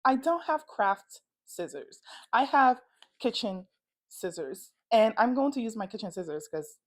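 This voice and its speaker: In a home vlog recorded indoors, a young woman with a high, sing-song voice chats casually and a little slowly. She rambles, restarts sentences and giggles often; the audio is studio quality with no echo.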